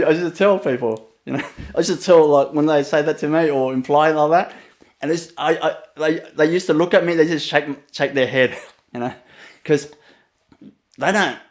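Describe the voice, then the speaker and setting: A man from Vietnam with a Vietnamese accent, a spiritual teacher telling a personal story, laughing often between phrases and pausing on fillers. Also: a little high.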